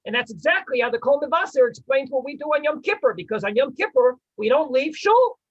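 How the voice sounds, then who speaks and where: A man teaching a lively class as a rabbi, quizzing and teasing his listeners as he explains. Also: extremely high pitch, fairly quick, dull audio. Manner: animated, quizzes and teases the listeners.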